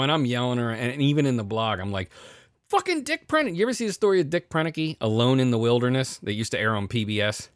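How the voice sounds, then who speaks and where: A man telling a profane story in casual chat, animated, his voice swinging between loud outbursts and quiet asides. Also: fairly low pitch, dry recording, clean studio sound.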